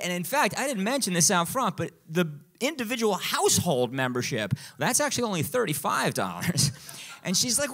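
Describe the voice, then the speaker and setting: A man telling a comic personal story on a live stage, in an animated, self-mocking way. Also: high-pitched, fairly quick. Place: live performance venue.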